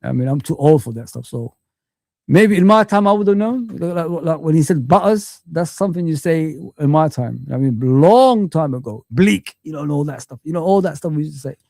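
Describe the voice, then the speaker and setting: A man's voice: a little high, animated, a little fast, gravelly, warm tone, no echo, clean studio sound. A man, hosting a casual live-stream chat, rambling and puzzled, with many fillers and repeated questions. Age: 40s. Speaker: host.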